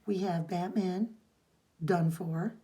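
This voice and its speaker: A woman's voice: on the low side, steady tone, takes it slowly, warm tone. A woman co-hosting a podcast, casually recapping a comic's plot in a rambling way. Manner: rambling recap, reads dialogue aloud. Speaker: podcast co-host.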